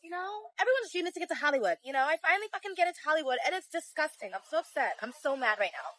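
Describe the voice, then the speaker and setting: Mad lady venting, super high and all over the place, swears a lot. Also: animated, very fast, a bit bright, no room sound. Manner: agitated, swearing, many likes. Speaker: visitor to the city. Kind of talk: angry rant to camera.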